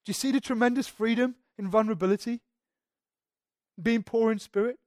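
High-voiced earnest male pastor. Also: brisk, dry recording, studio quality. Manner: earnest, swings between hushed and emphatic; repeats words when restarting. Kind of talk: sermon. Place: church.

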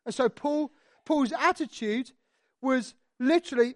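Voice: sits high, a little slow, no echo, studio quality. A preacher giving an expository sermon in a conversational way, asking rhetorical questions and retelling the story with animation.

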